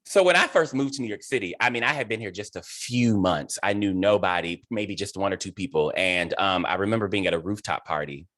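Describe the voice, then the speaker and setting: A deep-voiced man hosting a relaxed interview over a video call. His manner is effusive and heartfelt, and his emotions sit close to the surface. The sound is dry and close, with no room echo. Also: a little fast, few pauses. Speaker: host and theater director. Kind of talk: casual interview chat.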